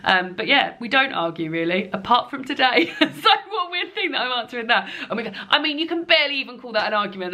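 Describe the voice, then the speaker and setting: Bright-voiced chatty woman. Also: medium pitch. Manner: chatty, rambling, laughs often, many fillers. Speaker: book vlogger. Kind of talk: casual chat to camera. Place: her lounge at home.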